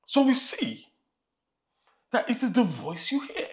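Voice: mid-range voice, sing-song, measured pace, a little mellow. A preacher with a Nigerian accent delivering an emphatic sermon and repeating phrases for emphasis.

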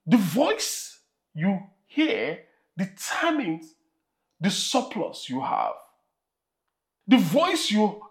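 A preacher with a Nigerian accent delivering an emphatic sermon and repeating phrases for emphasis. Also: mid-range voice.

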